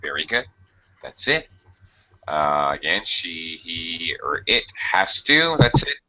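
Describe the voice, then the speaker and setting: A man teaching an English grammar lesson, explaining slowly and patiently with frequent fillers. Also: sits low, big pitch swings, pushed and bright. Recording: dull lo-fi audio.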